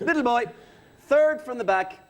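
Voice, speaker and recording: A man's voice: extremely high pitch, lively intonation, moderate pace, a crowd in the background, pitched above the performer's own voice. A man putting on a camp, preachy TV presenter who lectures the audience in a mock sermon. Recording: live studio with audience and noise.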